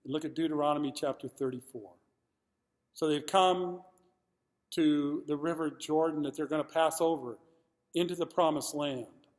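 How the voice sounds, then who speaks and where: A male pastor preaching a sermon, talking expressively and moving between loud emphasis and quiet, heavy moments. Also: a little high, fairly even intonation, moderate pace. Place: church sanctuary. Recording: long reverb of a church hall.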